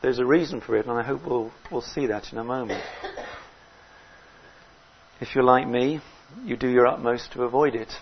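A man preaching a sermon in an earnest way, rising loud on key words and dropping low between them. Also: moderate pace, long pauses, lo-fi sound, slight background noise.

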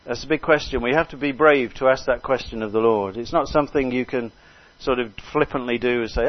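An older man preaching a sermon with fervour, repeating phrases and crying out hallelujah between soft asides. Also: mid-range voice, fast, few pauses. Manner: fervent, swings between loud exclamations and soft asides. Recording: dull lo-fi recording.

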